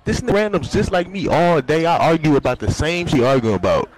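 A man on game voice chat whose pitch jumps around a lot as he hypes up and jokes with a teammate. His talk is loose and full of slang. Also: very animated, quick pace. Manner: hyped, joking, slangy. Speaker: teammate and fan in online game.

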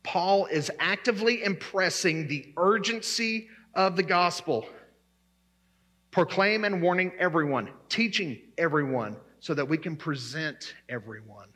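Guy preaching a sermon, kinda high voice, emphatic, says stuff over and over. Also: unhurried, pushed and bright, husky. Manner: emphatic, repeats key words while preaching. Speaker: pastor.

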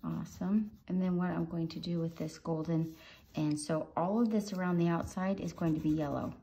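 A woman guiding viewers step by step through coloring a drawing, in a gentle instructing manner. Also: on the low side, fairly even intonation, moderate pace. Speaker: art teacher. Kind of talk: drawing tutorial narration.

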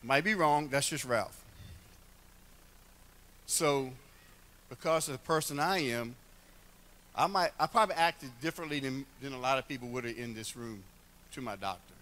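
A man's voice: mid-range voice, expressive, moderate pace, long pauses, pushed and bright. An older man giving a heartfelt church address, telling folksy stories with humor. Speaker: church member speaking at a retirement celebration.

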